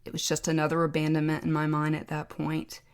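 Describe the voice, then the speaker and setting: A woman, a podcast guest, telling a personal story in a reflective, heartfelt, measured way. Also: deep voice, monotone, smooth.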